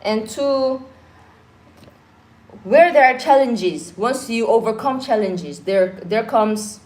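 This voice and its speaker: This livestream co-host, a woman from Korea who speaks Korean natively, talks slowly in a slightly high, darkish voice. It's a casual live chat from her home during a power outage, with a roomy echo around her; she's earnest and reflective and drops in pidgin expressions.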